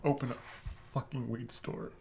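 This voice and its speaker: A man's voice: mid-range voice, level tone, moderate pace, vocal fry, background noise. A man talking in an anxious, rambling, pleading way. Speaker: actor in a deleted scene.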